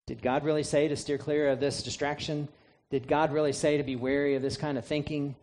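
A man's voice: a little high, level tone, brisk, darkish tone. Man preaching with rhetorical questions. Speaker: pastor. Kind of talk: sermon.

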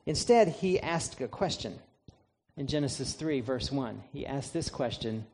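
A man's voice: mid-range voice, expressive, a little slow, darkish tone, slightly rough. A man preaching a sermon, emphatic, asking the listeners rhetorical questions and answering them himself. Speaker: pastor.

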